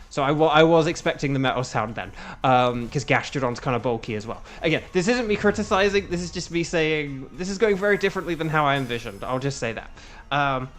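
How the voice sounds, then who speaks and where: A young man streaming a game, chatting through strategy with frequent fillers and groan-worthy puns. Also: on the high side. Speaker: streamer and voice actor. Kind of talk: casual gameplay commentary with chat.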